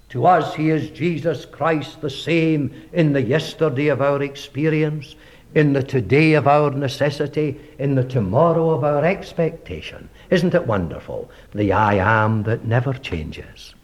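A man preaching a sermon in an emphatic way, asking rhetorical questions and dropping from loud lines to hushed ones. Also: medium pitch, expressive, a little slow.

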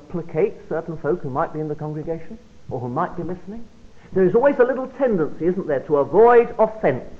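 A man preaching a Bible study sermon, emphatic and expressive, often dropping to a quiet, low voice for emphasis. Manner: expressive, emphatic delivery with sudden drops to quiet. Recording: phone-like narrow band.

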